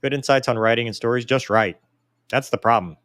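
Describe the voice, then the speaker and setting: A man's voice: mid-range voice, a little fast, dry recording. A man in his forties hosting a casual live Q&A, reading viewer mail and joking about himself. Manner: joking, self-deprecating, animated. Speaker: host answering viewer mail.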